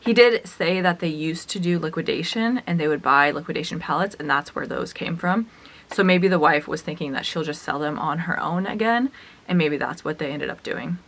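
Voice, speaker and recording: A young woman telling a storytime vlog as a reseller, chatty and animated, acting out the dialogue as she retells it. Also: sits low, normal speed. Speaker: reseller vlogger.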